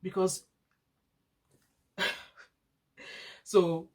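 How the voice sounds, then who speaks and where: A woman's voice: fairly low pitch, little pitch movement, extremely slow, darkish tone. A woman, a student nurse and mother, telling a long personal story in a casual vlog, rambling and often restarting her sentences. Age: adult parent of school-age children. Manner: rambling, frequent restarts and repetition.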